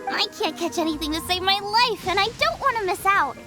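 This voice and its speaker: A very high, lively voice for an eager young girl chef who bounces between bursts of excitement. She sounds bubbly and food-obsessed, with her pitch swinging widely. Game music plays behind her. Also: a little fast. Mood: coaxing. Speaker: game character. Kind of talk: video game voice acting.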